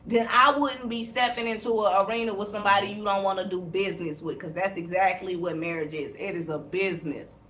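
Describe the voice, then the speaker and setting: A woman's voice: medium pitch, steady tone, a little fast, hardly any pauses, fairly bright tone. A young woman co-hosting a podcast, talking bluntly and animatedly with lots of swearing. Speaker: podcast co-host. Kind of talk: casual podcast chat. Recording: roomy, distant mic, faint hiss.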